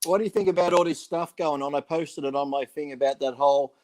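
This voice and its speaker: On a podcast, a former bodybuilder rambles through backstage stories, swearing freely and acting out what other people said. His voice is a little high and dark in tone, and he talks quickly in this casual, chatty storytelling.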